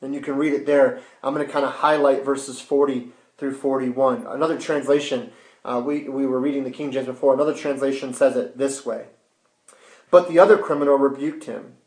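A man preaching a sermon with rhetorical questions and sudden hushed drops. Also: medium pitch, flat delivery, a little fast. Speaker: pastor. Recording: roomy echo.

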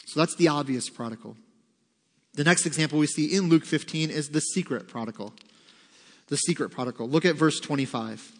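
A male pastor gives a casual, conversational sermon in a church sanctuary. His voice sits a little high and trails off into a long reverb. He reads old scripture aloud and slips into short acted voices to make his point. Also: brisk, fairly bright tone. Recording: long reverb of a large hall.

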